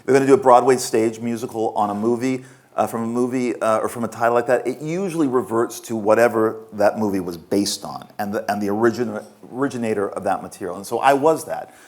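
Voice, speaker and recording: Brief: man in his fifties, low voice, candid self-mocking festival Q&A storyteller. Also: fast talker, darkish tone. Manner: frank, self-mocking, laughs while telling stories. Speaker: author answering audience questions. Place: festival stage before an audience.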